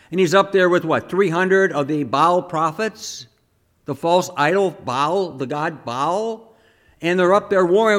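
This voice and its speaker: In a homily meant to teach, a man with a slightly high voice keeps things conversational and keeps posing questions to the congregation. Whenever he quotes someone, he acts the speech out.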